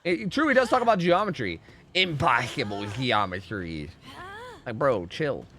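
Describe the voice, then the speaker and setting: A man's voice: medium pitch, sing-song, measured pace, pushed and bright. A man streaming a game live, giving casual commentary, swearing often and chatting with his viewers. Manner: laid-back, swears often, chats with viewers.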